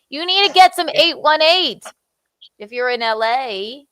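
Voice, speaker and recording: A woman's voice: high voice, animated, unhurried, a bit bright, no echo. A woman co-hosting a casual livestream chat, blunt and joking, laughing at her own stories. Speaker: co-host.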